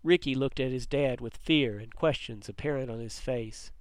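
Male storyteller, mid pitch, measured, dry mic. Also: no echo. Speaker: narrator. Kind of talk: story reading.

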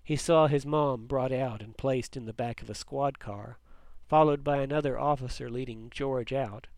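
Male storyteller, mid pitch, measured, dry mic. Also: steady tone, darkish tone, no room sound. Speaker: narrator. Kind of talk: story reading.

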